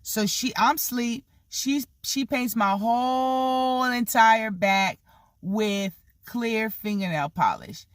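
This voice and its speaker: A person in their thirties telling childhood stories in a casual vlog, animated and swearing freely, with lots of "like" and "you know". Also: mid-range voice, takes it slowly, no room sound, studio quality. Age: 30s. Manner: animated, swears freely, acts out the people in the story; heavy use of "like" and "you know" fillers. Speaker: vlogger telling a story.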